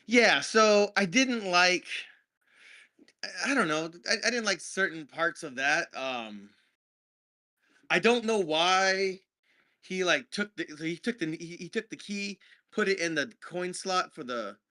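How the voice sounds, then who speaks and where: A man co-hosts a casual movie review podcast, rambling and joking as he goes. His voice sits a bit high, with a bright, forceful edge. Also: expressive, a little slow. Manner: rambling, jokey. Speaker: podcast co-host.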